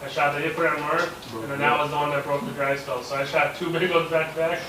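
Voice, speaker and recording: A man telling a hunting story in casual chat, animated, acting out quotes and swearing freely. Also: a little high, fast. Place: hunting camp gathering. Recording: echoey, distant, noisy camp recording.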